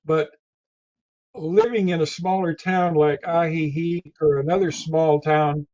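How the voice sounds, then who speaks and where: A man with a Tennessee drawl talks casually as an interview guest, in a fairly high voice. He rambles and restarts his phrases over and over. The audio sounds dull and muffled. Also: fairly even intonation, unhurried, a little mellow. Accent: Southern US, Tennessee. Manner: rambling, repeats his words often.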